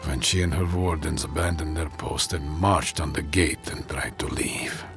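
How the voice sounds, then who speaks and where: A man voicing a gruff, weary male dwarf tower commander in a video game, speaking grimly and bluntly. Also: very deep voice, normal speed, over music. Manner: grim, blunt, gravelly.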